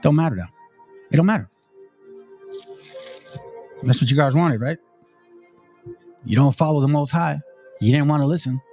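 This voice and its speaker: A man's voice: on the high side, normal speed, long pauses, mellow, soft background music. A man hosting his own channel, blunt and profane, preaching and ranting over the clips he plays. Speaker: channel host. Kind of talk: casual ranting commentary.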